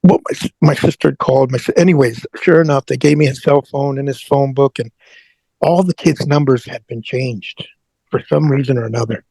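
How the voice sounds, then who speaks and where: A middle-aged man, an interview guest, telling an emotional personal story in a halting way, often repeating words as he goes. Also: medium pitch, creaky, dark tone, slightly rough, no echo, rough recording. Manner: halting, repeats words, prays aloud in retelling.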